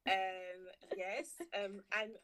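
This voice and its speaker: A woman's voice: medium pitch, level tone, very slow, a bit bright. A young woman putting on a hammed-up French accent to introduce herself playfully on a student radio show. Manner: exaggerated, playful self-introduction.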